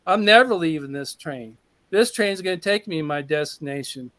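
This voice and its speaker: A man's voice: high voice, expressive, fairly quick, fairly bright tone, dry recording. A man giving an emphatic, heartfelt personal testimony that builds with repetition. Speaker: testimonial speaker.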